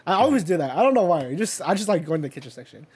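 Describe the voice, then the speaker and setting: Talking very fast with big swings in pitch, this young adult man has a somewhat high, darkish, husky voice. He rambles through a long, casual story, leaning on fillers, cursing freely and laughing softly along the way.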